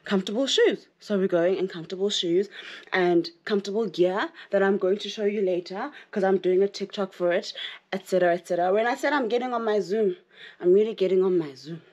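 A South African woman vlogging to camera in casual chat, excitable and rambling, often breaking into laughter. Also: mid-range voice, a little fast, lo-fi sound.

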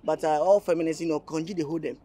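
A man's voice: a little high, steady tone, fast, dark tone, close to an everyday voice. A man playing a giggling Nigerian flirt. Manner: laughing, teasing, pushy pidgin-tinged flirting. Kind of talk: Nollywood film acting.

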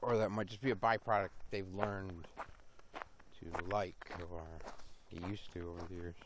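A man's voice: sits low, little pitch movement, moderate pace, noisy background. A man vlogging casually while walking outdoors along a road, rambling and swearing to himself, a little giddy and hyper.

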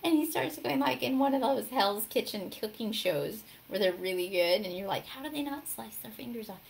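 Gravelly-voiced woman telling a devotional story. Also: fairly high pitch, normal speed, slight background noise, low-quality recording. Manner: animated storytelling, acts out quotes. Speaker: devotional host. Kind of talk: casual devotional talk.

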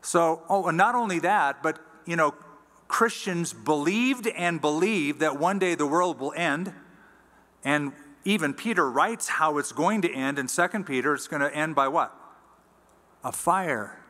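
A man preaching a sermon as pastor, teaching in a conversational way and reading scripture aloud slowly. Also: on the high side, a bit bright, big-room sound. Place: church sanctuary.

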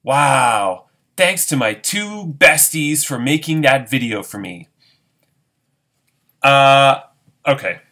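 A man's voice: mid-range voice, lively intonation, slow pace, long pauses, bright, forceful tone. A man casually reacting and chatting while he plays a game. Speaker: game player and narrator. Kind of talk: casual gameplay commentary.

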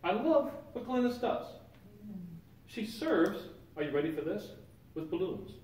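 A man leads a church Bible class in a relaxed, conversational way, stopping to quiz the people in the room. His fairly high voice rings around a big sanctuary. He sounds distant from the mic, with a faint hiss under the recording. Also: a little slow. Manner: conversational, quizzes the class with questions. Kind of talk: informal Bible lesson. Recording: roomy echo, picked up from a distance.

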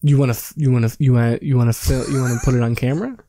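A man's voice: medium pitch, steady tone, rapid-fire, dark tone, no echo, studio quality. A young man co-hosting a podcast, trading crude jokes in casual banter and often trailing off into laughter. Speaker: podcast co-host.

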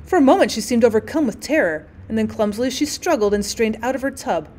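Expressive woman reading a classic story. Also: fast. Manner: expressive, voices the dialogue with small pitch shifts; occasional slips and restarts. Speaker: teacher reading aloud.

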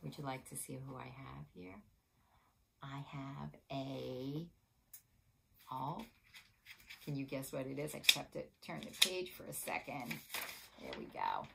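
Lady reading a picture book to little kids, slow and bouncy, voice swooping up and down. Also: a bass voice, creaky, background noise. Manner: animated, sing-song and coaxing. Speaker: children's storytime host. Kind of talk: reading a picture book aloud to young children.

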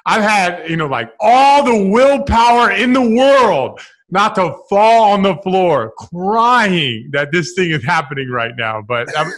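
A man hosting and telling an animated story, laughing as he talks. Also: high voice, measured pace. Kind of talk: casual storytelling.

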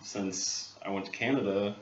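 A lowish male voice tells a fishing tale with lively, acted-out bits of dialogue. He sits back from the mic in an echoey workshop. The sound is a bit dull, with faint hiss underneath. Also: normal speed, recorded from a distance. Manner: animated storyteller, acts out others' lines. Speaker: guest angler. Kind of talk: casual storytelling.

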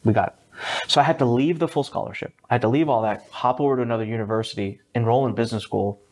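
A man in his thirties, an entrepreneur guest in a podcast interview, telling his story with animated energy and a casual, sometimes swearing manner. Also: racing. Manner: lively, swings up high for quoted voices, mild swearing.

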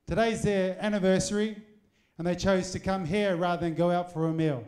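A man's voice: high-pitched, steady tone, a little fast, darkish tone. A man hosting a live supporters' evening in a packed hotel function room, speaking into a handheld microphone with jokey, rousing asides to the audience. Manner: jokey, rousing crowd address with teasing asides. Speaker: event host. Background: faint crowd of supporters.

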